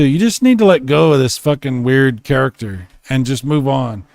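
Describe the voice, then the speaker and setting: A man's voice: medium pitch, normal speed, creaky, a little mellow, no echo. A man hosting a casual late-night stream, drunk, rambling and swearing as he reads chat aloud from home. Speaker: streamer host. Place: home room.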